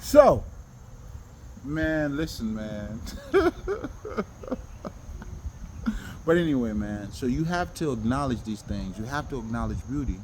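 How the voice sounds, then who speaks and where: A man talking in a casual, rambling monologue about self-improvement, animated and profane, with many restarts and bursts of laughter. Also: mid-range voice, normal speed, slight background noise. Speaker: self-help talker.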